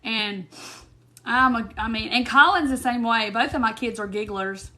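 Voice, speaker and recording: Her fairly high, sharp-toned voice moves at a moderate pace as she giggles her way through a laid-back craft stream, reading comments and naming viewers. A phone or webcam captures the sound.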